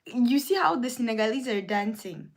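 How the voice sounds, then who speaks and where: A young adult woman hosting a casual livestream, reading viewers' comments aloud and ranting indignantly with sudden jumps in pitch. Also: lively intonation, moderate pace. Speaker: livestream host.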